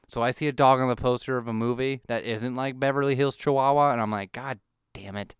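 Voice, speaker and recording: Ranting man with a crisp, dry voice. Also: medium pitch, fast, no echo. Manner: animated ranting, swearing, mock-outraged. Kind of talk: ranting monologue.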